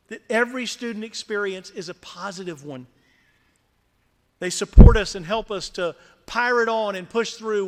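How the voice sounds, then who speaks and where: A middle-aged man with a South Louisiana accent, giving an earnest, gently humorous prepared speech at a reception. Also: high voice. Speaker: scholarship recipient speaker. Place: large community center hall. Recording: reverberant hall.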